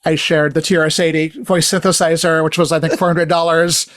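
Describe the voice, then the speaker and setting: A man panelist in a casual tech chat, speaking in a measured way. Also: fairly high pitch, level tone, a bit bright, no room sound, studio quality.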